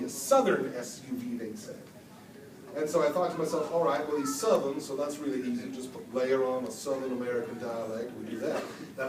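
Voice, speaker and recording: A man, a voice actor, telling lively stories at a convention Q&A and acting out the quotes. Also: fairly high pitch. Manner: animated storyteller, acts out quotes. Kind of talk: storytelling convention panel answer. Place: convention hall from afar. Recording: echoey hall, distant mic, background noise.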